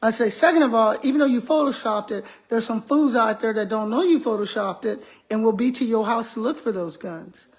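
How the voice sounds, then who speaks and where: A woman's voice: a little high, a little fast, hardly any pauses, husky. A middle-aged retired school principal, a woman, chatting casually to her viewers and acting out the quotes in the stories she tells. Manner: animated, laughing storyteller acting out quotes. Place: home kitchen.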